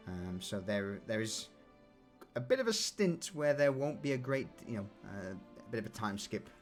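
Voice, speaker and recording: A man's voice: lowish voice, sing-song, moderate pace, soft background music. A man hosting and running a tabletop game stream, chatting casually and candidly with some swearing. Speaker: game master and stream host. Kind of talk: casual chat between sessions.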